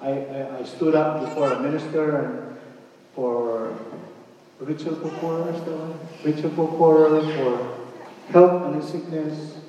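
A man preaching a lively sermon to his congregation, checking in with them often with "right?" and "huh?". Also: fairly high pitch, a little slow, a little hiss or hum. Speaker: pastor. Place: church hall. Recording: echoey hall, distant and dull.

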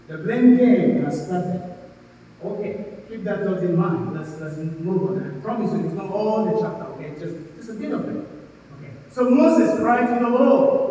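A man preaching a sermon, animated and acting out the voices of scripture. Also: high voice, moderate pace. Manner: animated, acts out biblical voices. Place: church hall. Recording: echoey hall, mic far off.

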